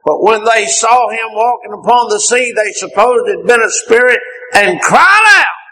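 A man preaching a fervent sermon, repeatedly rising into impassioned shouts. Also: high voice, fairly even intonation, normal speed, slight background noise, poor audio.

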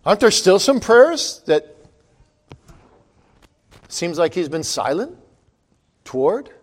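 High-pitched preacher guy, gets loud then drops to a hush, very dramatic. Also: big pitch swings, slow. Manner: dramatic, wide swings in loudness and pitch. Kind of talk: sermon.

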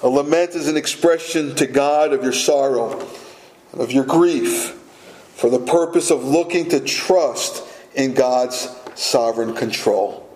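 A man preaching a sermon as pastor, deliberate and emphatic, repeating words for weight. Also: medium pitch, a little mellow, echoey room, rough recording.

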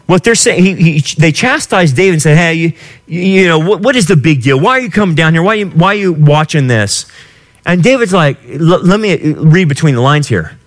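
A middle-aged male pastor preaching a sermon with passion, swinging from quiet lines to shouted ones. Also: a little high, animated, brisk.

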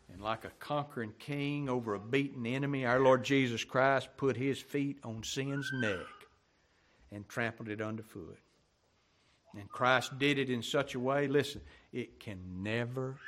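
A man preaching a sermon, asking the congregation rhetorical questions, rising loud and then dropping soft at the ends of phrases. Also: mid-range voice.

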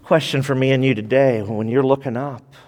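A man's voice: medium pitch, steady tone, fairly quick, a little mellow, big-room sound. A man preaching a sermon to his church, moving from teaching into impassioned, pleading prayer. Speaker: pastor.

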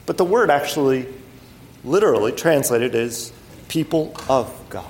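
A man preaching a sermon in an earnest, conversational way, stressing key phrases and then dropping to a quiet, soft tone. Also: medium pitch, sing-song, normal speed, slight background noise. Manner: earnest, emphatic, with rising stresses and quiet drops; conversational with fillers and restarts. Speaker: pastor.

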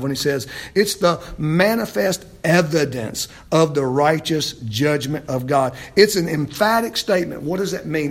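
With a slightly high voice marked by vocal fry, a man pastors through an expository sermon. He questions the congregation, repeats phrases, and rises to loud, emphatic climaxes.

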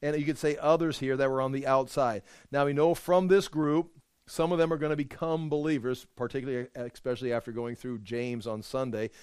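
A man's voice: mid-range voice, fairly even intonation, fairly quick, darkish tone, smooth, no room sound, studio quality. A man teaching a verse-by-verse bible study, explaining as he goes and often repeating words while he thinks aloud.

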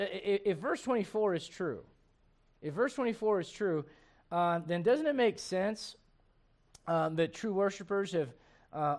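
High-voiced man preaching a casual sermon. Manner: conversational preaching with halting restarts and humorous asides. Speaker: pastor.

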